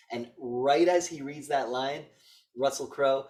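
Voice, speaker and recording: Speaking slowly in a medium pitch, a male podcast co-host chats casually about a film, walking through its plot. He swears often and acts out quotes as he tells it with energy.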